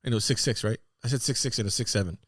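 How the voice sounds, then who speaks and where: A man co-hosting a casual podcast chat, rambling with lots of fillers and sudden excited outbursts. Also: mid-range voice, very fast, slightly rough, no echo, clean studio sound. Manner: animated, excitable bursts between rambling fillers. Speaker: podcast co-host.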